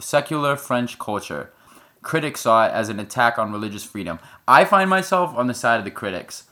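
A man talks straight to his viewers in a blunt, emphatic way, swearing freely as he makes his points. His voice sits at an everyday pitch for a man. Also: fairly bright tone. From United States. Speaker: online commentator. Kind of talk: opinion commentary to camera.

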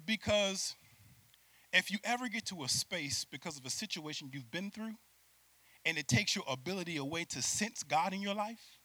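A male preacher giving a lively sermon, acting out voices, laughing often and calling out to the crowd. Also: high-pitched, moderate pace, no echo.

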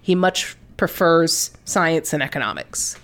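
A woman's voice: low-pitched, a little slow. A woman co-hosting a podcast, chatting casually about a film, swearing freely and laughing often. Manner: swearing, laughing, lively commentary. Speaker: podcast co-host.

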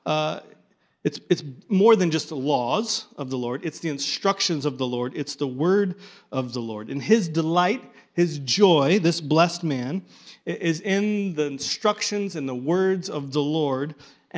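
A man teaching a Bible study class to a live group, animated, often repeating and restarting his words and coaxing the group to join in. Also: fairly high pitch, a little slow.

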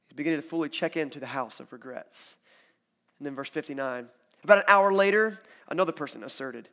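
A man preaching a sermon in a conversational, animated storytelling way, acting out quotes as he goes. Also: a little high, a little fast. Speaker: pastor.

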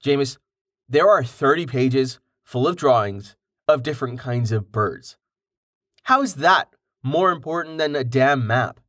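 Male narrator as curious young man, pushy with questions, unhurried delivery. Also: mid-range voice, expressive, fairly bright tone, dry recording, clean studio sound. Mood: exasperated. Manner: inquisitive, exasperated questions.

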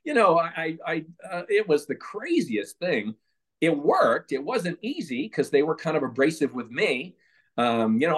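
A man telling lively stories as a guest in an interview. He acts out quotes and laughs through his anecdotes. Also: on the high side, fairly quick. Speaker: podcast guest, former page.

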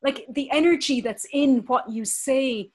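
An Irish actress in her thirties speaks in a conversational interview. Her voice sits a little high, and she talks with lively, passionate energy. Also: unhurried. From Ireland. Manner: animated and passionate.

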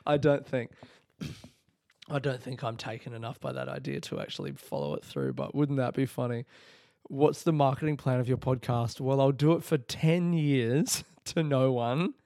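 A man's voice: medium pitch, animated, moderate pace, vocal fry, warm tone, no echo, studio quality. Rambling sweary man. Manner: rambling, sweary, laughs often. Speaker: podcast host, comedian. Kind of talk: casual solo podcast rant.

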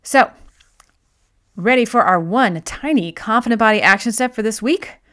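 A middle-aged woman hosting an advice talk, speaking gently and reflectively with fillers and restarts. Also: a little high, animated, moderate pace.

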